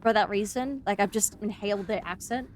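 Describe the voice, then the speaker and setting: A woman's voice: mid-range voice, brisk, a little hiss or hum. A young woman with an Australian accent, some of her R's sounding a little American, chatting casually and rambling while she streams a game. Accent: Australian, with slightly American-sounding R's. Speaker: VTuber streamer. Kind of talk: casual gameplay chat.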